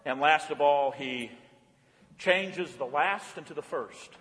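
A man preaching a sermon as pastor, swinging from lively and playful to hushed and earnest. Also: a little high, slow, in a large hall. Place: church.

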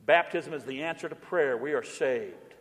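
A middle-aged man preaching a sermon as pastor, emphatic, slowing down for repeated refrains the congregation says back. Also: fairly high pitch, fairly bright tone. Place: church sanctuary. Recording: long church reverb.

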